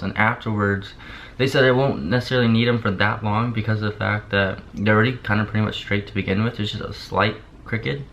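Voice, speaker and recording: Talking casually to the camera, a young man drifts along drowsily on pain medicine, barely opening his mouth and rambling with many repeats and "like"s. His voice is lowish with a fairly bright tone. It's a dull, lo-fi recording carrying a faint hiss.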